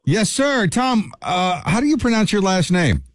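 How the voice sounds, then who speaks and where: Radio guy with a high voice, friendly and upbeat, dry close studio mic. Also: sing-song, a little slow, no room sound. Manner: friendly, upbeat, calls guest buddy. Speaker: radio host. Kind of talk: casual radio interview.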